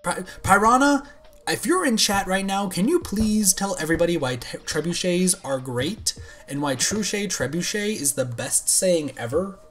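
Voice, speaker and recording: A man's voice: high-pitched, moderate pace, soft background music. Goofy rambling male game streamer. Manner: rambling, goofy and excitable, yelps when hit; chats with viewers. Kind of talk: live gameplay commentary.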